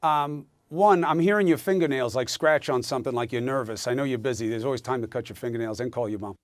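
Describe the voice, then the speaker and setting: A man hosting a TV interview, needling his guest with mock sympathy, often dropping to a soft, low voice. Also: quick pace, no room sound. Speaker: TV news host. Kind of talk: TV interview banter.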